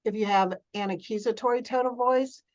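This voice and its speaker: A woman's voice: a little high, fairly even intonation, a little fast, a little mellow, lo-fi sound. A woman in a therapy group thinking aloud and asking thoughtful questions.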